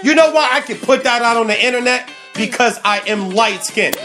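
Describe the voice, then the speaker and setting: A man in his forties hosting a sports talk show from a studio, hyped and animated, hoarse from laryngitis. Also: high voice, normal speed, few pauses. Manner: hyped, animated, laughing, sings along. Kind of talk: casual livestream chat. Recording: music playing loudly behind. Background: music playing.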